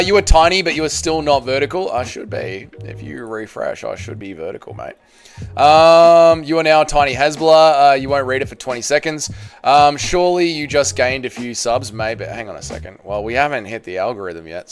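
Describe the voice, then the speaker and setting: An Australian man hosting a casual fight-sports livestream, reading viewer comments aloud in a chatty, slangy, jokey way. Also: medium pitch. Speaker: MMA channel livestream host.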